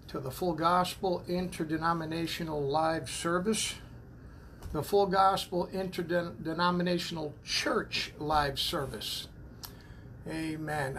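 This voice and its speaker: Slow gravelly man greeting viewers. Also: fairly high pitch, fairly bright tone, a little hiss or hum. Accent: New England. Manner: slow, repeats praise the Lord and amen between names. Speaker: church minister greeting online viewers. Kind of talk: casual livestream greeting. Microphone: phone propped up.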